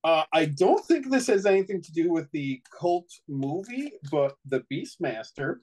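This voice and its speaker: A man's voice: fairly high pitch, very animated, unhurried, darkish tone, poor audio. A middle-aged man on a casual chat show, rambling through an anecdote with many restarts. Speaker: co-host.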